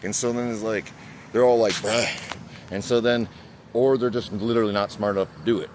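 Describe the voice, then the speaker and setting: Man, low voice, rambling profane vlog rant, faint vehicle hum behind. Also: fast, darkish tone. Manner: profane, rambling, peppered with "bro" and "dude". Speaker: vlogger. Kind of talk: casual rant to camera.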